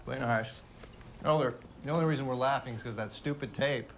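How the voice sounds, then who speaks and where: A young man, played by an actor, talks in an even middle-range voice, steady and good-natured as he calms his companions. Clear background noise runs under the film audio. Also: mid-range voice, brisk, natural voice. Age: young adult. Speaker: missionary. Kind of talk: film dialogue.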